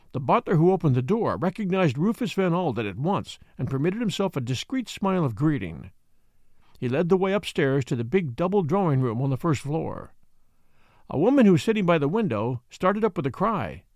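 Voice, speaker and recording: Expressive male audiobook narrator. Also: a little high, no room sound, studio quality. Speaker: audiobook reader.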